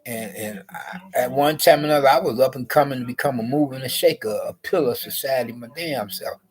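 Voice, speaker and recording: A man telling a story to camera in a rambling, profane, agitated rant, repeating himself and jumping up in pitch when he quotes his own comebacks. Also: fast talker. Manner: profane, repetitive, agitated; rises sharply when quoting himself. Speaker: vlogger.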